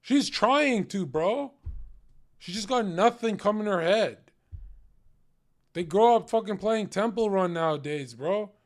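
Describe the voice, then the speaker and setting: A young man rants through a livestream reaction, his voice a little high for a man. He's crude and mocking, swearing constantly, with lively intonation, a slightly slow pace and long pauses.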